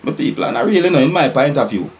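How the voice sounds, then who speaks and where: A man's voice: medium pitch, lively intonation, rapid-fire. A man with a Jamaican accent, a vlogger retelling a news article, often asking viewers whether they see his point. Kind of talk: news commentary vlog.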